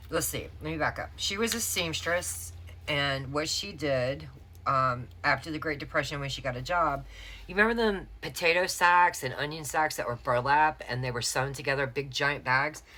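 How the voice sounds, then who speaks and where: Very low-voiced woman vlogger. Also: moderate pace, bright, forceful tone. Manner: chatty, candid, addresses viewers as y'all. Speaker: planner sticker vlogger. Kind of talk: casual storytelling to viewers.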